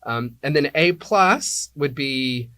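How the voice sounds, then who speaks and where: A man's voice: medium pitch, lively intonation, takes it slowly, bright, forceful tone, no room sound. A man being interviewed as an apartment locator, explaining things like a teacher and checking in with "right?" and "okay?" as he goes.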